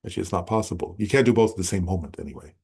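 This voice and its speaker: Man, Buddhist teacher, husky voice, chatty class talk, asks "right?" a lot. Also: low-pitched, racing, mellow. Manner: conversational, self-correcting, frequent "right?". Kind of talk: informal dharma talk. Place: meditation center class.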